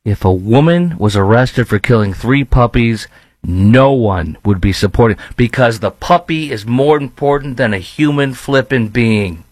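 A man's voice: mid-range voice, expressive, unhurried, darkish tone, no room sound, low-quality recording. Brief: Chicago-accented man, host, scornful rant, dry close sound. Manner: blunt, scornful, rambling with fillers. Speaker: commentary host. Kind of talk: ranting opinion commentary.

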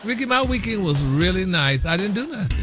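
A man, a regular on a morning radio show, talking in animated casual banter and stumbling through spelling a word. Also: high-pitched, fairly quick, music in the background.

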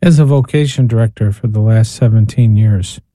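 A priest and spiritual director with a lowish, mellow voice speaks at a moderate pace in a radio studio, on a dry recording. His radio reflection is earnest and full of rhetorical questions.

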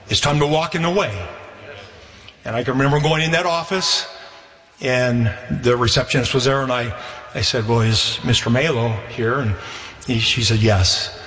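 A man's voice: a bit bright, roomy sound, big-room sound. Man preaching a testimony sermon. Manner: repeats words, rises in pitch when preaching.

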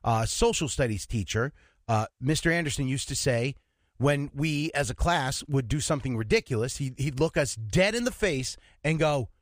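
A man hosting a casual morning radio call-in show in a studio, chatty and quick to laugh. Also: mid-range voice, no echo. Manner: lively, chatty, laughs easily. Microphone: studio microphone.

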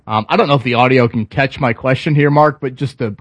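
A man's voice: mid-range voice, fast talker, no echo. A man hosting a sports radio talk show, chatting casually with a wry, self-deprecating manner.

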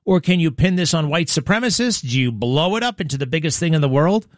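A man's voice: fairly high pitch, expressive, fast, dry recording. A man hosting a talk radio show, delivering a blunt, indignant, rambling monologue into a studio mic.

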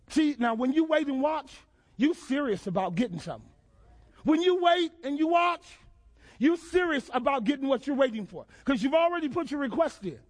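A male pastor preaching a sermon, quizzing the congregation and building to emphatic shouts. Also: extremely high pitch. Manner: call-and-response questions to the congregation, emphatic shouted build-ups.

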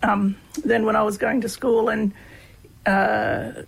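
Australian woman, interview guest, gravelly, storytelling, loose and filler-heavy. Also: on the high side, slow, poor audio. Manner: relaxed, many fillers, laughs while telling stories. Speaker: guest, humour researcher. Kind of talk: conversational storytelling.

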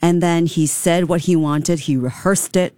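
Low-voiced, mellow female radio co-host. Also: fairly even intonation, normal speed, dry recording. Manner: conversational, tells anecdotes. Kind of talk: radio talk show chat. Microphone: studio microphone.

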